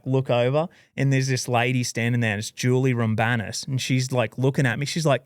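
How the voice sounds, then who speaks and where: An Australian man, a podcast guest, telling his story in a lively, rambling way, peppered with "dude" and "like". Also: mid-range voice, brisk, hardly any pauses, smooth, dry recording, clean studio sound. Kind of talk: casual storytelling interview.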